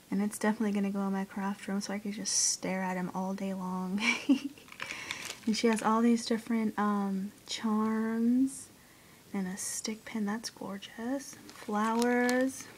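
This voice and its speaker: A woman vlogger chatting casually as she unboxes a craft swap, gushing with excitement and breaking into gasps and squeals. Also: fairly high pitch, a little hiss or hum, poor audio.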